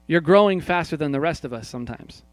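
A man preaching a sermon to his congregation. He asks them questions, speaks to people by name, and swings from quiet, hushed prayer lines to loud, emphatic points. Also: fairly high pitch, animated, fast, dry recording, soft background music. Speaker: pastor.

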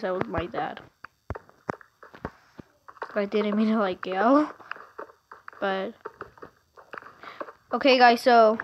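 A woman casually narrating her own video game play, chatty and excitable, rambling with lots of fillers, recorded at home. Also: mid-range voice, a little hiss or hum. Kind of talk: casual gameplay commentary.

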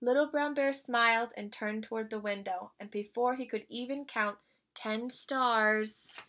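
A woman teacher reads a children's picture book aloud in an expressive storytelling voice. Her voice sits high and very bright, and she takes her time. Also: a little slow.

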